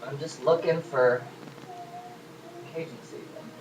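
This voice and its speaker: A man's voice: mid-range voice, fairly even intonation, measured pace. A man hosting a casual home cooking video, chatty and jokey as he talks to the camera while he works in his kitchen. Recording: noisy home recording.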